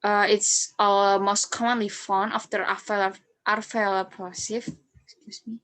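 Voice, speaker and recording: A young woman whose first language is Indonesian talks through a student presentation in English at a slow, unhurried pace. She halts often, filling gaps with "um" and correcting herself mid-word. Her pitch sits in an ordinary middle range. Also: level tone, a bit bright. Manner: halting, with fillers, restarts and self-corrections. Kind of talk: class presentation on phonetics.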